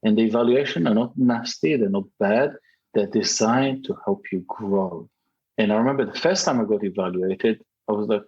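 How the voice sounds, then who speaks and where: A man's voice: lowish voice, moderate pace, husky, lo-fi sound. A man speaking English as a second language with a non-native accent, a guest in a podcast interview who talks emphatically and repeats key phrases. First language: not English. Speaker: guest, speaking contest runner-up.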